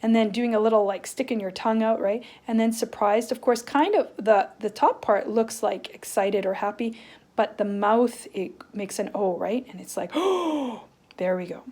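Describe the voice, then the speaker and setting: A woman teacher giving a playful, animated lesson to young children, checking in with "right?" as she draws. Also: medium pitch, normal speed. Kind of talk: children's lesson, drawing along.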